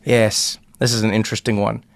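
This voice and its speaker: A man hosting a casual podcast chat, a playful and animated storyteller who acts out the people he talks about. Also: medium pitch, moderate pace, dry recording. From South Africa. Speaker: podcast host.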